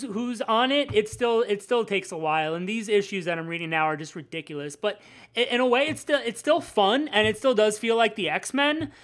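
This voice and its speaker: Animated swearing woman comic podcaster. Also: mid-range voice. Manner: animated, swearing, acts out quotes. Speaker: podcast co-host. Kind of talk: casual chat about comics.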